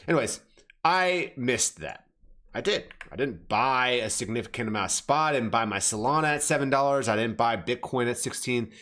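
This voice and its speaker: A man's voice: medium pitch, expressive, normal speed, a bit bright. A man with an ordinary mid-range voice riffs on crypto charts in a brash, unscripted way. He talks bluntly, swears freely and keeps addressing his viewers as fam. He often stops and corrects himself partway through a sentence. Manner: self-correcting, restarts phrases. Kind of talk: casual market commentary over charts.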